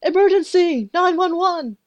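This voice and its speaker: A woman voicing a bossy female office boss who yells in alarm. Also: on the high side, very animated, unhurried, pitched above the performer's own voice. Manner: yelling, bossy.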